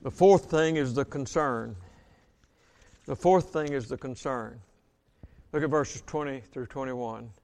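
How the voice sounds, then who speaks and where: A man preaching a sermon as a Baptist pastor, reading scripture aloud, slowing on key words and asking the congregation questions. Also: medium pitch, gravelly, a little mellow. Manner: reads scripture aloud, slows for emphasis, asks congregation questions.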